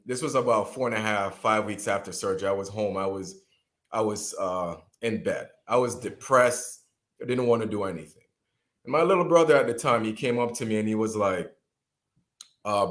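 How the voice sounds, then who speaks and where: A man in his thirties, from Jamaica, telling a personal story as a guest speaker, with lively delivery and frequent restarts. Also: mid-range voice. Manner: animated storyteller, acts out quoted voices, frequent restarts.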